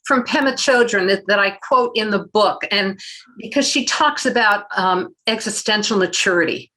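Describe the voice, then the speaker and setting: A woman who is an author and chaplain, speaking as an interview guest and reading a passage aloud in a measured, thoughtful way. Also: medium pitch, bright, forceful tone, low-quality recording.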